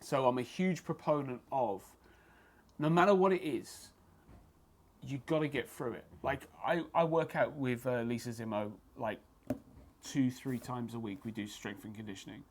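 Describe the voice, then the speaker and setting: A man, a fight photographer talking as a podcast guest in a blunt, lively, profane storytelling manner. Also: mid-range voice, moderate pace. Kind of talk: casual podcast chat. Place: martial arts gym.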